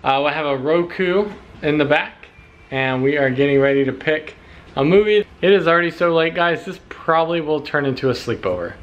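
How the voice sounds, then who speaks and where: For his family vlog, an American man grills outdoors in the backyard and talks casually to the camera with an easygoing manner. His voice sits on the high side, with lively intonation and a fairly quick pace, though the audio sounds dull.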